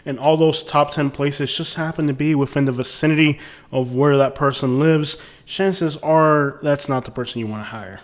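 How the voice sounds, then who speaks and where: A man's voice: fairly high pitch, normal speed. A man hosting a comic advice video, talking in a casual, wry, rambling way. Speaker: host.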